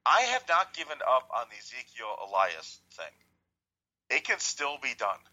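A man's voice: mid-range voice, wildly swooping pitch, normal speed, bright, forceful tone, highs cut off. A man telling a rambling, profane, jokey story in casual chat.

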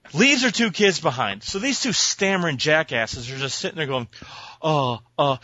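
A man's voice: a little high, expressive, normal speed, few pauses, bright, forceful tone, no echo, lo-fi sound. A man co-hosting a casual podcast, telling an exasperated, profane story and acting out the voices in it. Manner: profane, exasperated, acts out voices in his stories. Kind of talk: casual chat, ranting storytelling.

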